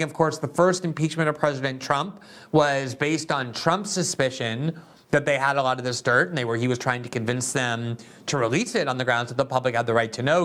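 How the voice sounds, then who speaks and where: A man's voice: medium pitch, a bit bright. A man hosting a political show, delivering commentary in a sarcastic, mocking manner before interviewing a guest. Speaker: host.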